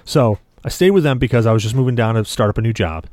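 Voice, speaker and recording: Animated storytelling man, dry close sound. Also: mid-range voice, fast, dry recording. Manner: vivid storyteller who acts out quoted dialogue. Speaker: podcast co-host. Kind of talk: casual podcast chat.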